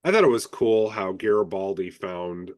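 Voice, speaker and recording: A man's voice: deep voice, animated, normal speed, no room sound. A man on a podcast panel who retells scenes in an amused way, dropping in quoted lines. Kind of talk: casual podcast chat.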